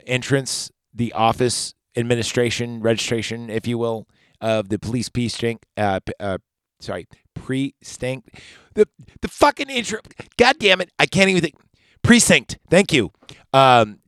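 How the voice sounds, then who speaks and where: A man's voice: on the low side, dry recording. A man hosting a podcast, recapping a movie in a laid-back, chatty way that rambles into digressions and swearing. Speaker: podcast host.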